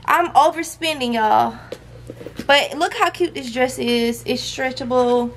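A young female vlogger films a casual haul at home, talking to viewers in a high-pitched voice at a slightly slow pace. She scolds her toddler now and then, and the home recording is noisy.

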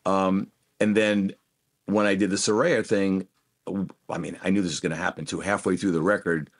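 A man being interviewed as a guest guitarist, telling animated anecdotes and acting out what people said. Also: deep voice, moderate pace. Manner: animated anecdotes, acts out quoted voices. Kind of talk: casual interview storytelling.

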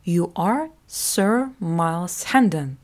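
A haughty boy prince giving orders in a slow, careful way, as a woman reads him in a storybook. The voice sits slightly higher than a plain narrating voice. Each command is spelled out plainly. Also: lively intonation.

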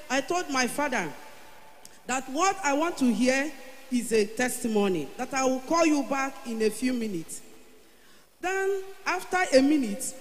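A Nigerian woman giving an emotional church testimony, growing fervent and loud as she declares her prayers. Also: high-pitched. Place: large church hall. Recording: echoey church hall, faint hum.

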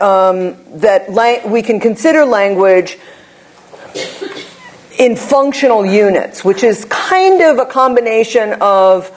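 A woman's voice: medium pitch, a little mellow. A woman presenting as a behavior analyst, explaining concepts in a conversational academic talk with wry asides and frequent tag questions.

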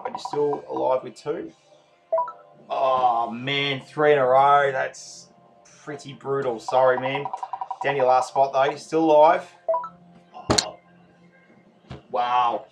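A man hosting a live raffle draw, chatty and laid-back, reading out names and often apologising to players. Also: mid-range voice. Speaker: raffle host. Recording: noisy home recording.

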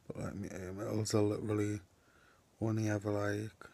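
A man's voice: on the low side, completely flat delivery, moderate pace, creaky, mellow, dry recording. A young man vlogging on a town street into a phone, chatty and self-mocking. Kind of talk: casual vlog chat.

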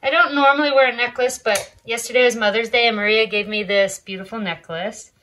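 Chatty high-voiced woman praising her dogs. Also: steady tone, fairly quick, slight background noise, low-quality recording. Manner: soft coaxing praise to the dogs, chatty asides to viewers. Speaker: alpaca farmer and channel host. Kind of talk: casual vlog narration while trimming dog nails. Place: indoors with the dogs on a farm.

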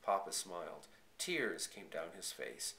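A man reading a first-person children's story aloud, in a quiet, measured and earnest way. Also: low-pitched, very animated, gravelly, reverberant, noisy background. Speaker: audiobook reader.

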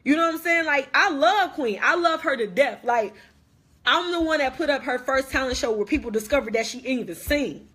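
A woman's voice: high-pitched, lively intonation, normal speed, fairly bright tone. A young woman venting on a phone live stream in an impassioned casual rant, emphatic, hurt and confrontational, repeating herself for weight. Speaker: livestreamer.

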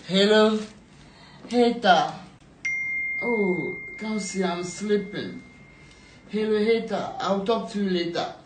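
A man's voice: sits high, takes it slowly, pauses often, slight background noise. A man doing a boastful comedy impression of a rich celebrity, drawling lazily between bursts of laughter. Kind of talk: comedy skit. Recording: roomy, from far off the mic.

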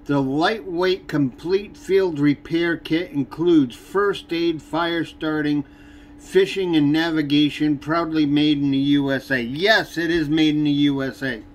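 A man hosting a fishing channel, reviewing a subscription box with irritation and frequent pauses. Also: fairly high pitch, fairly even intonation, slight background noise. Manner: irritated, complaining, many "um" pauses. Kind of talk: unboxing review vlog.

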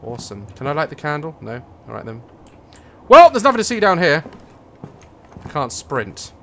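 Young man, horror game commentary, nervous jokes, bright tone, faint background hiss. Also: medium pitch. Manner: jokey, nervous, jumpy with sudden screams. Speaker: gaming YouTuber.

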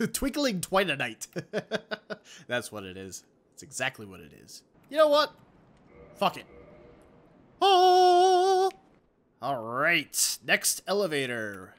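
A young man giving profane, jokey commentary while playing a game, with loud reactive outbursts. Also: mid-range voice, wildly swooping pitch, a little slow. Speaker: let's play gamer. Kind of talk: gameplay commentary.

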